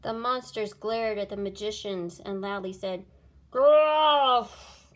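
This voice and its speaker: A woman reading a children's picture book aloud, with an expressive sing-song delivery. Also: medium pitch, moderate pace. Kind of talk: storybook read-aloud.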